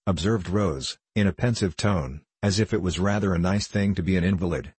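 Low, husky male audiobook narrator. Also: fairly quick, few pauses, darkish tone, no echo. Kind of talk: scripted narration of a classic novel.

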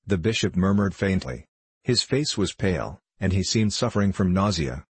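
A man narrating an audiobook in a steady, measured way. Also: low-pitched, slightly rough, dry recording.

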